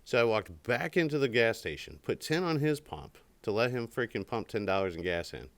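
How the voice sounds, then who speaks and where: This low-ish male voice is sing-song and a little quick, with a fairly bright tone and no room sound. As a podcast co-host in casual chat, he rambles through a long story, acting out each character he quotes.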